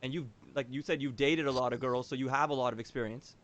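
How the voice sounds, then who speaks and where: A man's voice: mid-range voice, steady tone, quick pace, fairly bright tone. A young man hosting a podcast, chatting in a laid-back, slangy way with short reactions. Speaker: podcast host. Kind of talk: casual chat.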